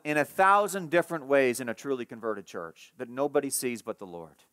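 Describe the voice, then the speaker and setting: A man preaching a sermon as pastor, emphatic and repetitive, dropping to a soft hush for tender passages and rising for key points. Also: lively intonation, fairly quick, hardly any pauses, no echo, clean studio sound. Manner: emphatic preaching, repeats key phrases, rises in pitch and force when stressing points.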